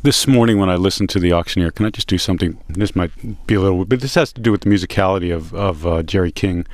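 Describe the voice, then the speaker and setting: A man's voice: low voice, fast talker, dry recording. A man hosting a radio music show, talking with a guest in an enthusiastic, conversational way. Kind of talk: radio interview.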